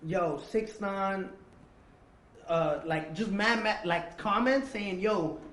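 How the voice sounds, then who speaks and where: A young man telling a personal story as a guest, animated and full of slang, acting out what others said. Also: sits high, slow, slight background noise. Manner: animated, acts out quoted dialogue, street slang. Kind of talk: confessional storytelling. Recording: roomy echo.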